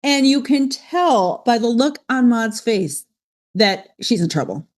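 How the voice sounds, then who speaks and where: Animated higher-voiced woman co-host. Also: measured pace. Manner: animated, acts out quotes. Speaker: podcast co-host. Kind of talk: casual chat recapping a sitcom episode.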